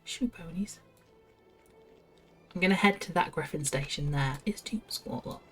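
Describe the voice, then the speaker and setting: A woman's voice: deep voice, a little slow, fairly bright tone, faint music behind. Chatty woman streaming a game. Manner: chatty, giggly, talks to herself. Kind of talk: casual gameplay commentary, reading quest text aloud.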